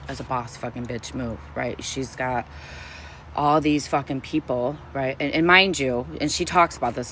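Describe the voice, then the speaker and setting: A woman's voice: extremely low pitch, fairly bright tone, a little hiss or hum. A woman chatting casually on a livestream, effusive and gushing, swearing constantly as she talks. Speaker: streamer.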